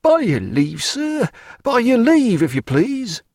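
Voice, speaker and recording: A man voicing a wheedling, reasoning sailor with a much higher voice than his own. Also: wildly swooping pitch, slow pace, darkish tone, no room sound, studio quality, full character voice. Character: wheedling sailor, captain of the afterguard.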